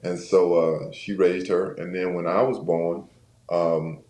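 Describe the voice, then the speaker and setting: A man, a retired football player, casually telling stories as a guest in an interview, animated and acting out the voices of the people he quotes. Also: low-pitched, takes it slowly. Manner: animated storyteller who acts out quoted voices. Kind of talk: casual storytelling chat. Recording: roomy echo, faint background noise.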